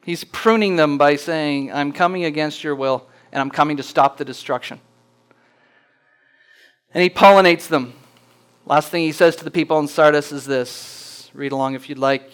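A man preaching a sermon, earnest and plainspoken, slowing down to read scripture aloud with rising emphasis. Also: fairly high pitch, fairly bright tone, clean tone, poor audio. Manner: reads scripture slowly and deliberately, rising for emphasis. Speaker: pastor.

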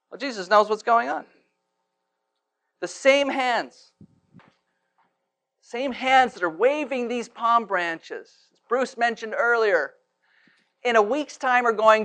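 A man preaching a sermon in church, swinging from hushed to loud and asking rhetorical questions. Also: high-pitched, expressive, unhurried, pauses often. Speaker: pastor.

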